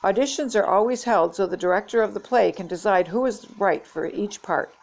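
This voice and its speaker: Storybook grown-up woman, firm and lecturing, gravelly tone, read by an older woman. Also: mid-range voice, fairly quick, darkish tone. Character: bossy grown woman with a pet snake.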